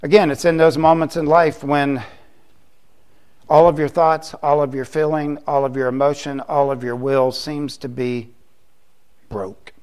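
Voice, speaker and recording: A middle-aged man preaching a sermon as pastor, slow and emphatic, repeating key phrases for weight. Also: fairly high pitch, level tone, a little mellow, clean tone.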